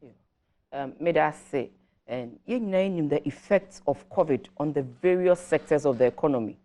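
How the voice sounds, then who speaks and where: Ghanaian woman, lowish voice, measured policy explainer on a morning show, switches Twi and English. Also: expressive, dark tone. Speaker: government guest commentator.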